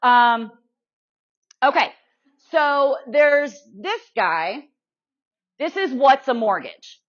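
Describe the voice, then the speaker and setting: A woman's voice: sits high, animated, very slow. A woman giving a live workshop demonstration to an audience in a meeting room, chatty and self-deprecating, checking in with her listeners over and over. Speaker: guest speaker teaching social media to real estate pros. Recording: muffled lo-fi sound.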